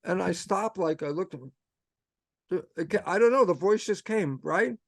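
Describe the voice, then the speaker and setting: An older man, a guest speaker, telling a story in an animated way with repeated emphasis over a video call. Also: high voice, unhurried, creaky, no echo. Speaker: guest speaker answering questions. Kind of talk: storytelling talk.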